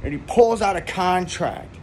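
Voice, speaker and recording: A man's voice: high-pitched, measured pace, a little mellow, a little hiss or hum. Young man rambling through a comic story. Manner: rambling, heavy swearing, lots of "like". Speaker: comedian.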